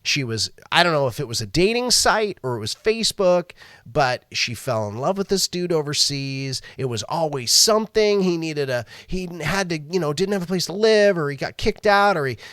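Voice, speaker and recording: Animated man telling a story on a podcast. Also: on the high side, normal speed, no echo, studio quality. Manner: animated, laughing, acts out quoted lines. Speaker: podcast host. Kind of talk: casual storytelling monologue.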